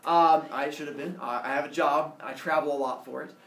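A man's voice: a little high, fairly even intonation, fairly quick, fairly bright tone. A man voicing an absent father who is a sun god, talking in a casual, apologetic way. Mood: sheepish. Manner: casual, apologetic dad talk. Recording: roomy room, distant mic.

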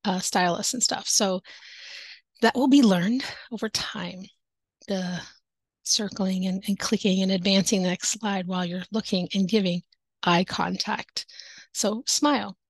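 A woman's voice: mid-range voice, fairly even intonation, measured pace, dry recording. A woman teaching online, giving casual tips to other teachers in an upbeat, chatty way, speaking into a headset. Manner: upbeat, chatty, laughs often. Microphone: headset with headphones.

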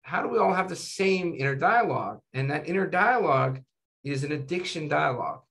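Brisk and creaky, his voice sits on the high side. The man is a physician being interviewed informally, and he recounts stories with real animation while tacking "right?" and "you know" onto his lines.

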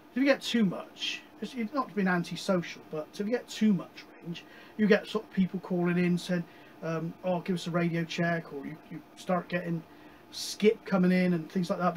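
A man casually chatting about his radio hobby, rambling with many pauses and digressions. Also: high-pitched, slight background noise, rough recording. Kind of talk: casual chat.

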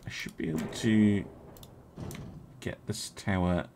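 A young man casually commenting as he streams a strategy game, thinking aloud, chatting with his viewers and filling pauses with many ums and uhs. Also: fairly low pitch, steady tone, a little mellow, slight background noise.

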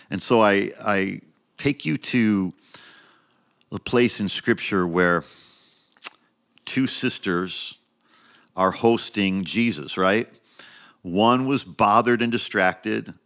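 Male pastor, low voice, conversational sermon delivery with emphatic repetition. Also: a bit bright. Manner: emphatic, repeats phrases, rises in pitch when stressing a point; conversational preaching with frequent restarts and asides.

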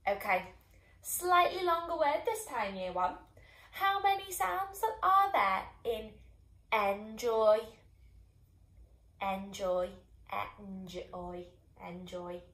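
A woman teaching young children phonics, sounding out each sound slowly and clearly and encouraging them. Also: high voice, sing-song, a bit bright, echoey room. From England. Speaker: primary school teacher.

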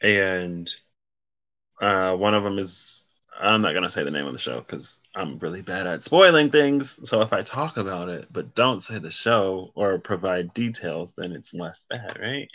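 Brief: man, somewhat low pitch, forceful bright edge, rambling casual card reader. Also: expressive, a little slow. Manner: rambling, self-correcting, reads card meanings aloud. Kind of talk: casual solo card reading.

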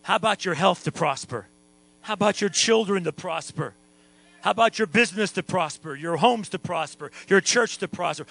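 A man preaching a lively sermon as pastor, sometimes singing and shouting, with a hum behind him. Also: high-pitched, moderate pace, creaky, slightly rough, dry recording, low-quality recording. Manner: animated preaching, sings and shouts at times.

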